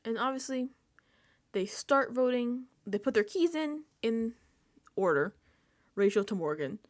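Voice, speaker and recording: A woman's voice: a little high, a little slow, no room sound, clean studio sound. A woman hosting a casual reality TV recap, animatedly acting out her reactions into a microphone. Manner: animated, acts out her own reactions and quotes. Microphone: desk microphone.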